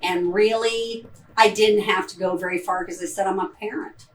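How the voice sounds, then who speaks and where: During a post-show talkback in a theater, a Midwestern actress from Ohio fields audience questions, wandering and hesitating with frequent ums and false starts. She speaks at medium pitch with a steady tone and moderate pace, picked up by a distant mic with slight background noise and rough quality.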